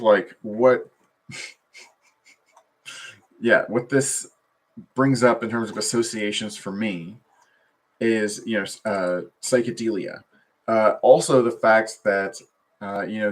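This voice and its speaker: A man with a somewhat low voice talks in a loose, wandering way on a solo stream, full of fillers and half-finished thoughts. He speaks from his desk at a computer. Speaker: vlogger. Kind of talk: rambling solo livestream talk.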